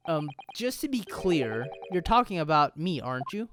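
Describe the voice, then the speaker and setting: Casting: nervous, polite young man read by a woman in her own voice, hesitant and questioning, lively pitch. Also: normal speed, noisy background. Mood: flustered. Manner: flustered, hesitant. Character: young male defendant, flustered and polite.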